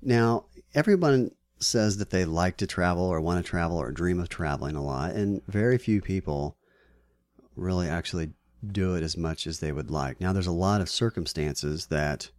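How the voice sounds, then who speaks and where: A man's voice: sits low, normal speed, a little mellow, no room sound. A man co-hosting a podcast with his wife, chatting in an easygoing, rambling, reflective way. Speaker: podcast co-host. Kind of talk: casual chat between spouses.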